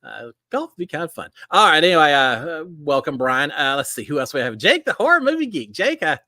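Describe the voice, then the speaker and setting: A man's voice: on the high side, fairly quick, dry recording. Folksy Texan man hosting a live show. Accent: Texas. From Texas. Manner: folksy, animated, warm greetings with many fillers. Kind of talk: casual live-stream chat greeting viewers.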